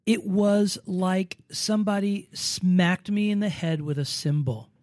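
Animated older male actor telling stories. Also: high-pitched, unhurried. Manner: animated, acts out quoted voices. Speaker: guest actor. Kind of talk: casual interview storytelling.

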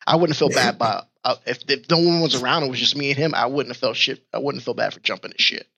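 A man from New York, a podcast guest, giving frank, measured opinions and swearing casually. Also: mid-range voice, vocal fry, sharp tone. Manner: measured, frank, agreeing with profanity. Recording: dull lo-fi sound.

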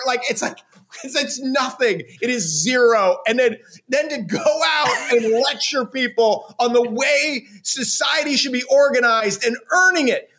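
A man's voice: very high-pitched, unhurried, pushed and bright. A man co-hosting a casual sports chat, ranting with sarcasm, laughing and swearing. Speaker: podcast co-host.

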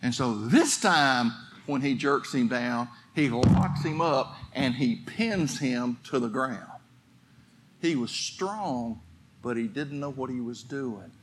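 A man's voice: medium pitch, expressive, slow, background noise. A man pastor preaching a sermon, telling a story and building to fervent exhortation.

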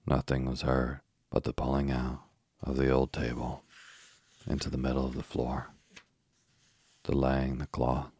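Very deep, slow, gravelly man. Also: no echo, clean studio sound. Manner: soft, even, unhurried. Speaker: bedtime story narrator. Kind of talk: slow sleep-story reading.

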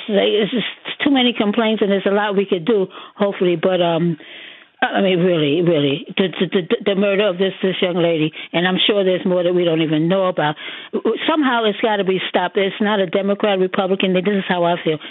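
A woman's voice: lowish voice, fairly quick, dry recording. Female radio caller, earnest and indignant, tinny phone line. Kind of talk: call-in radio chat.

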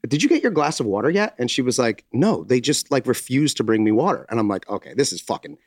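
A middle-aged man, a podcast co-host, is telling a story, jumping into the voices of everyone involved and cursing freely. His pitch sits at a normal middle range. He is close on a dry mic. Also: fast, no room sound. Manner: animated storyteller, acts out quotes, swears freely. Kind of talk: casual chat, storytelling.

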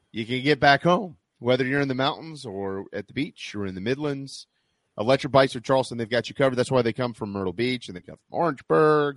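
A man's voice: fairly low pitch, no echo. A man hosting a sports talk show, chatting and reading ads in a folksy, salesy way. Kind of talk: sports radio talk with live ad reads.

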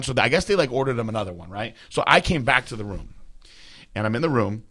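A man rattles through a story at a rapid clip, his voice bright and forward. He swears freely and rambles, poking fun at himself as he goes. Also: mid-range voice, expressive. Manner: rambling, profane, self-deprecating. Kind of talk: casual storytelling.

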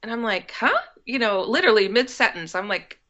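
A woman's voice: mid-range voice, brisk, a bit bright. A woman from the United States, a guest, telling a story in a casual way, acting out quoted dialogue and laughing as she goes. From United States, Milwaukee. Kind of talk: casual first-person storytelling. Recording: dull lo-fi audio.

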